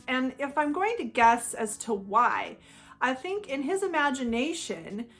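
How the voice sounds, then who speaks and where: A woman hosting a talk on psychology, explaining earnestly and slowing down for emphasis. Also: sits high. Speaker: host. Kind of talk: personal talk about psychology.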